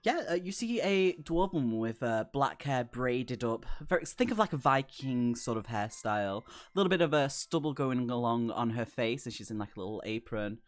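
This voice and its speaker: A man narrating as game master of a tabletop game, relaxed and rambling with many fillers. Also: mid-range voice, moderate pace, few pauses.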